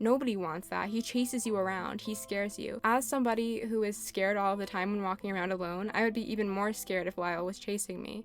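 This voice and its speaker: A woman vlogger chatting casually about video-game characters, ranting animatedly and swearing often. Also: mid-range voice.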